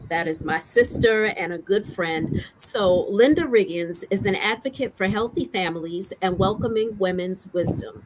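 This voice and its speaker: A woman's voice: medium pitch, normal speed, hardly any pauses. A woman hosting a live online event, introducing guests with effusive, enthusiastic praise over a video call. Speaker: host. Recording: noisy stream audio.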